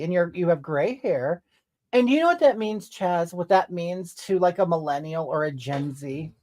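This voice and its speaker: A woman's voice: lowish voice, darkish tone, close to an everyday voice. A woman playing a brash, touchy middle-aged livestreamer who answers viewer comments in a sassy, rambling way, tagging on "okay?" and "honey". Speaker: livestream comedy character. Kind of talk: character livestream reading comments.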